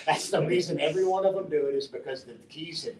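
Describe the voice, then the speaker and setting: A middle-aged man from West Texas, telling a profane, animated story to a conference audience and acting out the dialogue. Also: quick pace, crowd noise. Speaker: conference speaker. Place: conference hall. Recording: roomy, distant mic with faint rumble.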